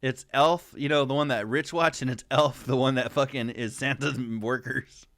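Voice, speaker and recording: A man's voice: mid-range voice, steady tone, normal speed, a bit bright, dry recording. Young guy rambling on a podcast, cussing and laughing, dead dry mic, mid voice. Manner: rambling, laughs often, swears freely. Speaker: podcast co-host. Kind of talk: casual profane chat.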